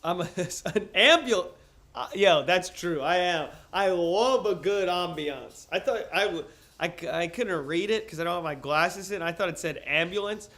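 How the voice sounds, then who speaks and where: A young man wearing headphones streams from the couch at home, his high-pitched voice at normal speed in an echoey room. He jokes loudly and swears freely while chatting with viewers and reading aloud to them.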